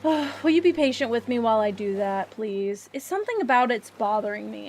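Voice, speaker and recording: This live streamer's voice is a little high with a darkish tone. She plays a video game and rambles casually, chatting directly to her viewers.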